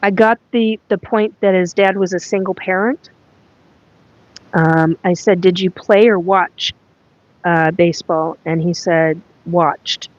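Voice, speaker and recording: Slow, low-voiced woman hosting a chat. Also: steady tone, no echo, dull audio. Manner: halting, reads aloud from her notes with many fillers. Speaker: psychic medium host. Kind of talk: live solo chat, recounting a spirit reading.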